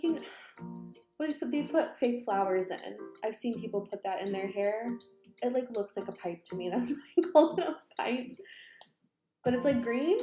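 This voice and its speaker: Chatty woman streaming from an echoey room. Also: a little high. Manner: rambling, loses words, chats to viewers and cats. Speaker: makeup livestreamer. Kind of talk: casual livestream chat. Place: small room at home. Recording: echoey room with background music. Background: background music.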